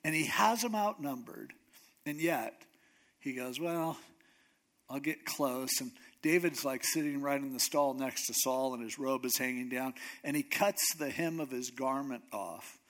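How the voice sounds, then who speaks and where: A man preaching a sermon, retelling a scripture story in a relaxed, conversational and animated way. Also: medium pitch, moderate pace. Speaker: pastor.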